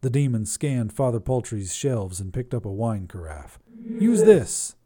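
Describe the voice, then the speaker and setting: A man hosting a flash fiction podcast, reading the story in even, measured narration. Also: lowish voice, background noise.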